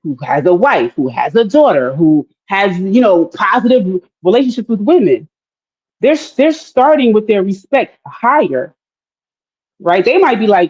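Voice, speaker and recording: Woman panelist, animated debater, mid-pitched, lo-fi muffled audio. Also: moderate pace, breathy edge. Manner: animated, acts out quoted voices, many fillers. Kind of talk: casual debate. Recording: dull lo-fi audio.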